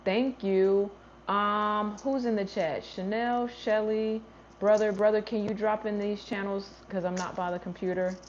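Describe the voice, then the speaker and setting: A woman hosts a relaxed gardening livestream, reading out and answering viewer comments and thinking aloud as she trails off and restarts. Her voice sits at an ordinary middle pitch. The audio is slightly dull and lo-fi, with a faint ambient hum behind her. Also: unhurried.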